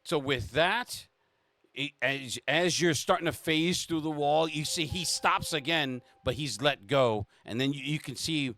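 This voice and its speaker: A man's voice: fairly high pitch, a little slow, pushed and bright. A man running a tabletop game as game master, narrating the action with frequent restarts.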